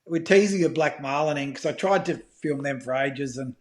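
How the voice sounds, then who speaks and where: A middle-aged Australian man telling fishing stories in a casual podcast chat, animated and swearing freely. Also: mid-range voice, normal speed. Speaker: guest, fishing filmmaker.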